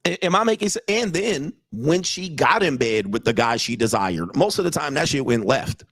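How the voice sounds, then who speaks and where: Streaming live, this man coaches on dating and relationships in a slightly high, animated voice at normal speed, his tone fairly bright and a touch rough. His casual monologue is blunt, profane and repetitive, and he keeps challenging viewers to disagree or agree with him. There's no room sound, with studio-quality audio.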